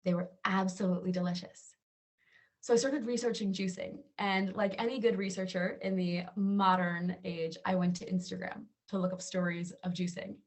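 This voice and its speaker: A woman's voice: medium pitch, fairly even intonation, moderate pace. A woman from Georgia, telling her personal health story to camera in an earnest, conversational way. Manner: earnest storytelling, acts out quoted voices. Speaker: wellness channel host.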